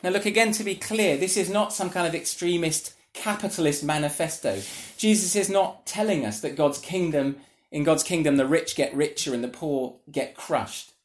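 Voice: mid-range voice, moderate pace. Earnest preacher giving a sermon. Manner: earnest, conversational, asks the audience rhetorical questions.

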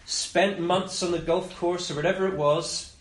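A man preaching a conversational sermon, often voicing the master's words in quick asides. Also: sits high, steady tone. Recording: roomy echo with faint ambience.

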